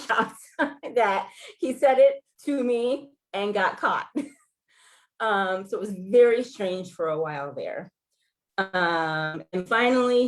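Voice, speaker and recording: A woman in her forties from Los Angeles, telling a personal story to a gathering in a conversational, animated way. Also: medium pitch. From Los Angeles, California. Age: 40s. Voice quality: sounds like a Valley girl. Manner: conversational, animated storytelling with laughs and acted quotes. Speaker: featured speaker.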